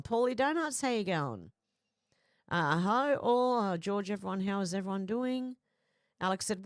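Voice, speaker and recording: A woman's voice: medium pitch, dry recording, clean studio sound. A blunt, chatty woman hosting a livestream, reading out viewer comments and swearing freely. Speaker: host.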